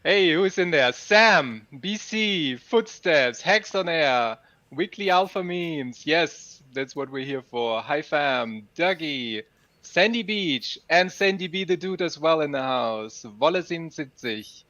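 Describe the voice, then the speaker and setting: A man's voice: fairly high pitch, lively intonation, takes it slowly, bright, forceful tone, no room sound. A man hosting a casual livestream, upbeat and greeting chat viewers by name. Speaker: livestream host. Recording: dull lo-fi sound.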